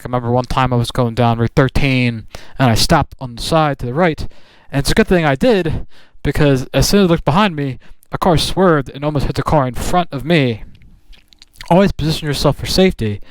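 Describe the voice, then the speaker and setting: A man's voice: medium pitch, clear, resonant tone, no room sound. A man vlogging about motorcycles in a casual, rambling chat with lots of restarts. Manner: rambling, with many restarts and fillers. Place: riding or parked outdoors on a motorcycle.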